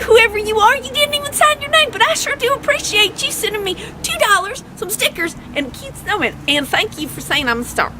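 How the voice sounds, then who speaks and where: A woman's voice: extremely high pitch, background noise. A woman hosting her own comedy show to camera, gushing and childlike, squealing with delight. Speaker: web show host. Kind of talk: bubbly comedic chat to camera.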